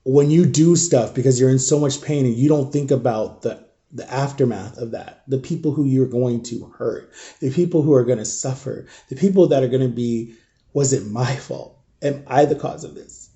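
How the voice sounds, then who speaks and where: A grieving, shaken man talking straight to camera in an emotional storytime vlog, halting and raw, often sinking to a near whisper. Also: mid-range voice, dark tone. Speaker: vlogger.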